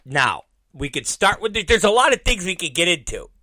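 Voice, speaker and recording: A middle-aged man tells a long, profane story on his own show, wandering off and chuckling at himself. His voice sits a little high for a man. The sound is close and dry, with no room around it. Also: sing-song, brisk, sharp tone, dry recording. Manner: profane, rambling, laughs at his own stories. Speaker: podcast host. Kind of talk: casual storytelling monologue.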